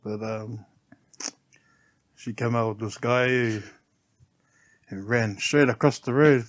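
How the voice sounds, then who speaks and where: A middle-aged man, a podcast guest telling heartfelt personal stories in a soft, unhurried way and often laughing. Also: medium pitch, no room sound. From New Zealand. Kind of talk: casual chat, personal storytelling.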